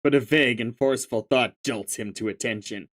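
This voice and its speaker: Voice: medium pitch, brisk, a bit bright. A reader going through a webcomic aloud, mixing narration with casual, profane commentary. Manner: casual, profane, laughs often. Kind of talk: reading a comic aloud with commentary.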